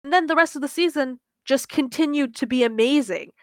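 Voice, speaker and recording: A woman's voice: sits high, brisk, dry recording, clean studio sound. Gushing, swearing podcast woman. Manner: gushing, profane, rambling with fillers. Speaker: podcast co-host. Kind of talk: casual chat.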